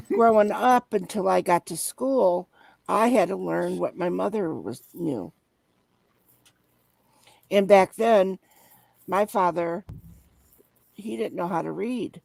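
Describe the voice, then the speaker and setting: A woman's voice: mid-range voice, slow pace, creaky, long pauses, darkish tone, no room sound, poor audio. An older woman telling a story from her childhood in a casual group chat, blunt and salty.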